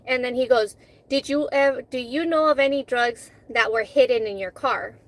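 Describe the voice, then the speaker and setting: Woman, casual live chat, candid and blunt, swears, slightly high voice. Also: normal speed, a bit bright, rough recording. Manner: candid, swears freely, acts out dialogue. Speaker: vlogger.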